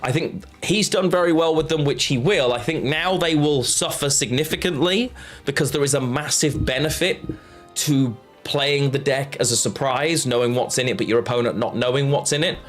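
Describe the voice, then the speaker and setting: A man's voice: mid-range voice, moderate pace, faint music behind. A man chatting casually on a live stream while playing a card game, rambling and answering his chat.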